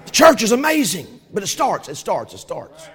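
A man, preaching a sermon with rising shouts and call-and-response. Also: high voice, huge pitch swings, normal speed. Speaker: pastor. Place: church sanctuary. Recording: long hall reverb.

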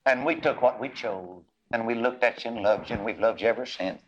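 A man's voice: brisk, highs cut off, slight background noise, close to an everyday voice. A man voicing a loving adoptive father, talking tenderly and earnestly to his son. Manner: tender and low, then rising to earnest.

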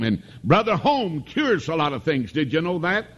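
A middle-aged man preaches a revival sermon in a tabernacle, his voice sitting a touch higher than most men's. He talks in a folksy, homespun way, mixing jokes with calls for amen. He speaks into a stage microphone. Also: big pitch swings, moderate pace, fairly bright tone, slightly rough, highs cut off.

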